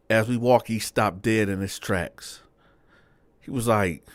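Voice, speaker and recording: A man telling a prison story in casual street slang, breaking into animated, high-pitched dialogue for each character. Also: a little slow, no room sound. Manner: animated, acts out dialogue with big pitch jumps; slangy street talk, frequent "right?" asides.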